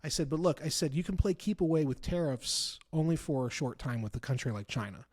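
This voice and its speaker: A man talking politics as a guest in a casual conversation, telling stories with emphatic repeats and bursts of loud laughter. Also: on the high side, fairly quick. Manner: animated storyteller, laughs loudly, repeats for emphasis. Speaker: author and guest.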